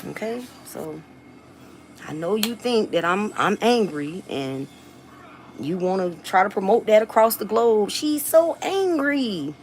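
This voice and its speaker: Her voice mid-range with lively intonation, a Southern US mother who raps and vlogs speaks to her viewers at a measured pace, bluntly defiant and full of swearing. The audio is poor, with a little hiss or hum.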